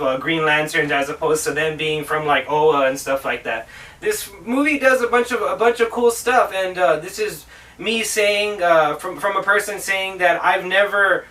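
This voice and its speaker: High, bright-voiced man ranting a film review. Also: recorded from a distance, low-quality recording. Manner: profane, rambling, energetic. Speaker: host of a film review show.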